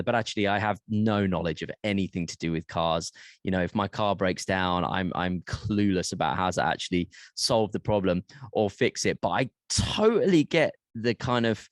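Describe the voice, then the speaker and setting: A man's voice: lowish voice, fairly quick, no echo, clean studio sound. A man hosting a casual conversation, chatty and self-deprecating. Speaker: host.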